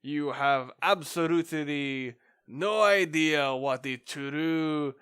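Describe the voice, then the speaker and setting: A man's voice: fairly high pitch, takes it slowly, a bit bright, smooth. A man voicing a smug male scientist professor in a video game, taunting and theatrical. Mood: mocking.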